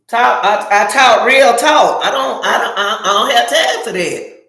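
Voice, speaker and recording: A middle-aged woman hosting a casual advice talk, blunt and animated, speaking slowly in her own slang. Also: fairly high pitch, echoey room, rough recording. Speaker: channel host. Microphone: phone or camera, livestream.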